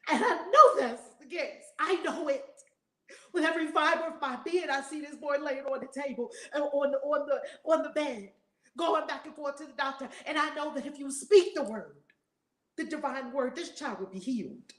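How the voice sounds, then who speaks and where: A woman's voice: high voice, normal speed, reverberant. A woman teaching as a spiritual reverend in a fiery, preaching manner, blunt and emphatic, swearing and repeating lines for effect.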